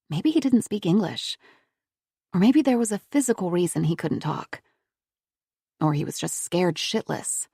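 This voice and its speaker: A woman narrating a thriller audiobook in a measured, even storytelling manner. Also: fairly low pitch, gravelly, husky, no echo, clean studio sound.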